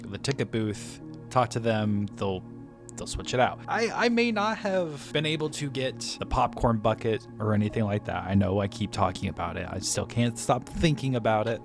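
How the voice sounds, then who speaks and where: A man casually telling a story about his day at the movies, rambling with frequent restarts and self-corrections, laughing at himself. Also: mid-range voice. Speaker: movie reviewer.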